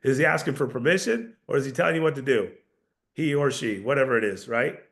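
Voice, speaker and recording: A man leading a live sales training, coaching with lots of rhetorical questions and energetic restarts. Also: mid-range voice, fast.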